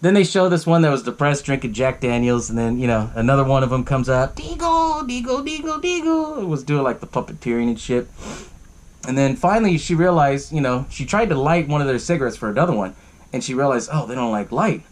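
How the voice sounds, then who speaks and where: Recapping a movie on his podcast, this man swears a lot, laughs along and leans on plenty of fillers. He has a medium-pitched voice and talks at a quick pace.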